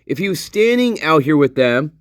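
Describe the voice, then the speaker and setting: A man's voice: fairly high pitch, sing-song, normal speed, no echo, studio quality. A man giving sarcastic, profane casual commentary over video footage, laughing often. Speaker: online commentator.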